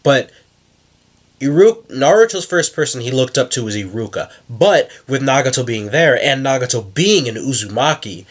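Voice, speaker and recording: A man's voice: mid-range voice, expressive, normal speed, husky. A man with a stuffed-up nose hosting his channel, thinking aloud in casual commentary with frequent restarts. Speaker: YouTube host.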